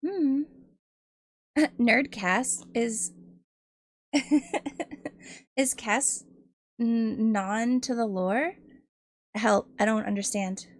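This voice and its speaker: A woman's voice: fairly high pitch, extremely slow, pauses often, no echo, studio quality. A woman streamer chatting casually with her viewers, giggling often and hesitating with lots of ums. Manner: giggly, laughs often between phrases; hesitant, many ums and restarts, admits nervousness.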